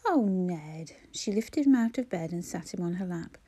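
A woman reading a novel aloud in a measured, even storytelling voice. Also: lowish voice, husky. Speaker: audiobook narrator. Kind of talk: scripted narration.

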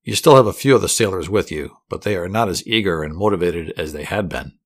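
A man telling a guided fantasy story to relax to, in a soothing, steady voice with dry humor. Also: deep voice, brisk. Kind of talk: calm guided fantasy narration.

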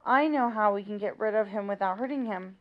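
A woman's voice: mid-range voice, a little fast, highs cut off, lightly acted. A woman reading aloud and voicing a young female teacher who gushes but also talks sensibly. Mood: eager. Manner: gushing, sensible.

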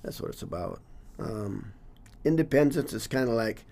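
A man's voice: medium pitch, animated, normal speed, vocal fry, warm tone. A man in his sixties, a longtime teacher and coach, talking earnestly in a casual interview and trailing off with loose fillers. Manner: earnest and reflective, trails off with "you know, whatever".

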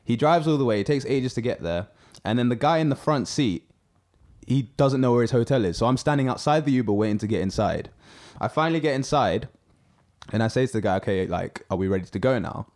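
A young man, co-hosting a casual chat and telling animated stories with lots of fillers. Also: mid-range voice, brisk. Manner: animated storyteller, many fillers. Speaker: podcast co-host.

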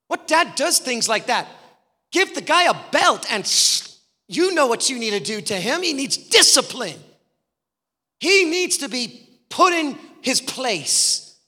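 A man's voice: extremely high pitch, sharp tone, breathy edge, full character voice. A man voicing an indignant eldest son who scolds his father for poor parenting with incredulous questions. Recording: long reverb in a hall.

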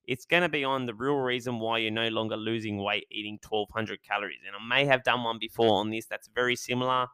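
A man hosting his own podcast in an energetic, chatty monologue. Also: lowish voice, fairly quick, hardly any pauses, clean tone, no room sound, studio quality. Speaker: podcast host.

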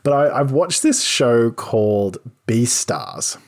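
A man's voice: mid-range voice, lively intonation, takes it slowly. A man in his thirties co-hosting a casual podcast, playful and joking. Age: 30s. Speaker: podcast co-host.

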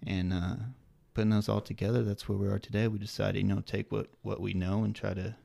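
A man with a gravelly, dark voice and a slight Southern American accent, co-hosting a casual podcast. He rambles through his thoughts with plenty of fillers, and his delivery is fairly flat, recorded close and dry. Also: lowish voice, brisk. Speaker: podcast co-host.

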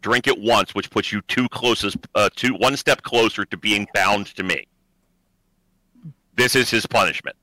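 A man's voice: on the low side, normal speed, pushed and bright, no echo, poor audio. A man running a tabletop role-playing game, explaining the rules with many hesitant fillers. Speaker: game master.

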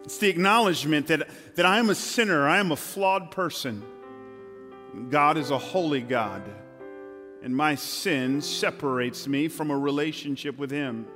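A man preaching a dramatic sermon from a stage in a church hall, shifting between loud and hushed passages. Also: a little high, normal speed, over music. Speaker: pastor.

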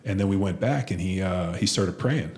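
A man who played football telling profane, animated stories in a casual chat. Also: low voice, moderate pace. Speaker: podcast host, former football lineman.

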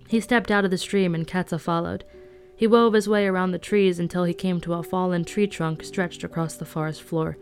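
A woman reading a novel aloud in a calm, even storytelling manner. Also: on the low side, fairly quick, faint music behind. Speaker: audiobook reader.

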